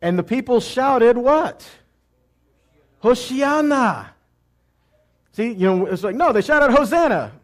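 A man teaching a sermon who asks questions and answers them himself, moving between loud cries and quiet asides. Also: very high-pitched, expressive, normal speed, few pauses. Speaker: messianic teacher.

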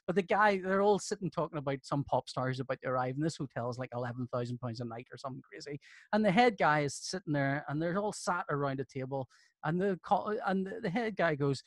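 A Northern Irish man in his fifties, a comics artist appearing as a podcast guest, spins jokey stories in casual chat and breaks into laughter as he goes. His voice is fairly high and he talks fast. The sound is clean studio audio with no echo.

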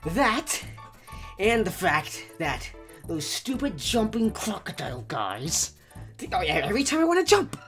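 Hoarse man venting over a video game. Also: high-pitched, measured pace, soft background music. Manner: dramatic, animated venting. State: hoarse, sore throat. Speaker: main host of a gaming channel. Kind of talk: casual let's-play commentary.

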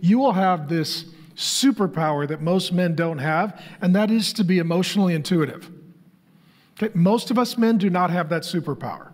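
A man's voice: sits high, moderate pace, darkish tone. A middle-aged man, a pastor, preaching a conversational sermon that keeps throwing rhetorical questions at the crowd.

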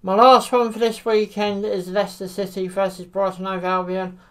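Brief: woman, mid-pitched, chatty football vlogger, halting delivery, plenty of "you know". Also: flat delivery. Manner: hesitant, many fillers like "you know". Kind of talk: casual solo commentary to camera.

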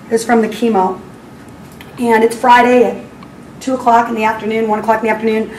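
A woman's voice: a little high, level tone, fast talker, a little mellow. A woman in her forties telling parents a personal faith story in an earnest, storytelling way. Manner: earnest storytelling, acts out her own prayers with rising emotion. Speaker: speaker at a school parenting talk. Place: school hall. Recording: echoey hall from far off, faint ambient noise.

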